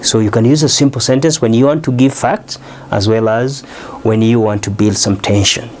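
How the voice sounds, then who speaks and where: A man with a mid-range voice teaching an English lesson on video. He explains patiently, step by step, often pausing on "uh" and checking in with "okay?". A faint hum of room noise sits behind him. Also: mid-range voice, steady tone, a little mellow.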